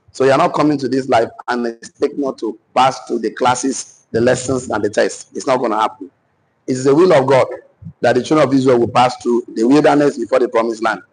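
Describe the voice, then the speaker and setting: A man with a Nigerian accent teaching a business class, repeating each phrase slowly so listeners can write it down. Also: medium pitch, steady tone, husky, poor audio. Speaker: business coach. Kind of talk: dictated teaching session.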